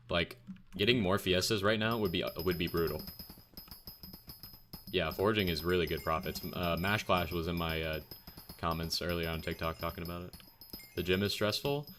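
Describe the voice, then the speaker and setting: Deep-voiced young man chatting on stream. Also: fairly bright tone, slight background noise. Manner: chatty, blunt, answers chat questions. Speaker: game streamer. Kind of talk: casual live-stream chat reading viewer questions.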